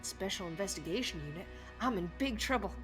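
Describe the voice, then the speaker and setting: A frightened canine captive protests anxiously to their captors, voiced by a woman. The voice is bright and tense, with faint music underneath, like a game read aloud. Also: medium pitch, expressive, a little fast, close to an everyday voice. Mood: protesting.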